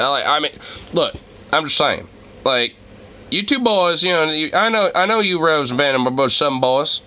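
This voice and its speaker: A man's voice: on the high side, animated, moderate pace, bright, forceful tone. A man hosting his own channel, rambling through a casual, profane commentary rant and laughing often. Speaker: channel host.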